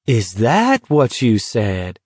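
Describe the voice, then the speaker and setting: A man's voice: mid-range voice, animated, moderate pace, a little mellow, no echo, close to an everyday voice. Man doing a sardonic, needling young man. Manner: teasing, sing-song baiting.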